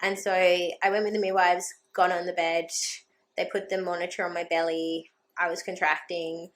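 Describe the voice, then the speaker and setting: A woman's voice: lowish voice, normal speed. A young woman, chatting as a podcast guest and animatedly acting out the people in her story. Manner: animated storyteller, acts out quoted voices, laughs. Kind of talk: casual chat.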